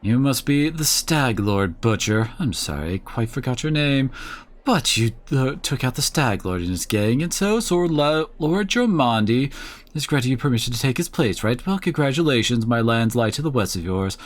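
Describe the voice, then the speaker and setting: A man's voice: medium pitch, sing-song, moderate pace, lightly acted. Man putting on an arrogant bored baron. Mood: condescending.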